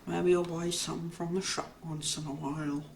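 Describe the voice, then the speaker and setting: A woman voicing a gruff old male fisherman in a video game, with a hearty, folksy seafaring drawl. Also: on the low side, level tone, normal speed. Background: game music.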